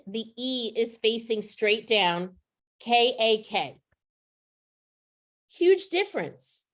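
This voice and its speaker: Woman giving a teacher training talk. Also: on the high side. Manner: explanatory, checks in with rhetorical "right?". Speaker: literacy trainer presenting to teachers. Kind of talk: professional development presentation.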